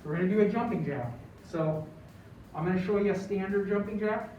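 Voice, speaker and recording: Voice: mid-range voice, a little fast, slight background noise. A fitness instructor coaching a home workout in an encouraging way, counting down between exercises. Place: large echoey room, broadcast workout. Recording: echoey room, distant dull mic.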